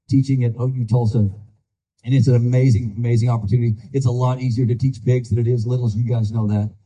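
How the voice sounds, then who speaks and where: A man's voice: medium pitch, warm tone, dull audio. An older man giving a folksy, earnest campaign speech, telling stories to a crowd of supporters. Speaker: political candidate.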